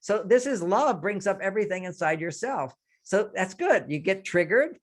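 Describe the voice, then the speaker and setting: A man's voice: sits high, expressive, moderate pace. An older man, a relationship author, giving advice in a conversational interview and acting out example lines. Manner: explains with quoted example lines.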